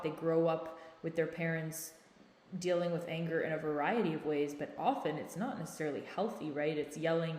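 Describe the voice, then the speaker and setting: A woman with a lowish voice gives a casual advice monologue as a podcast host. She keeps it conversational and often tags her points with "right?". The recording sounds echoey, with a long reverb trailing behind her words. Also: darkish tone.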